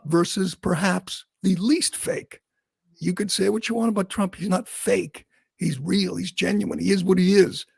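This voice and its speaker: A man's voice: high voice, vocal fry, husky, no echo, studio quality. A man hosting a talk show, delivering sarcastic, mocking political commentary. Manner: sarcastic, mocking, quick asides with laughs. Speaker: talk radio host.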